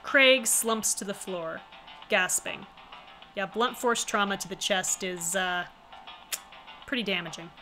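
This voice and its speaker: A woman's voice: medium pitch, a little slow, pauses often, music in the background. A woman streamer reading a visual novel aloud, with wry, chatty asides in between. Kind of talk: casual reading with commentary.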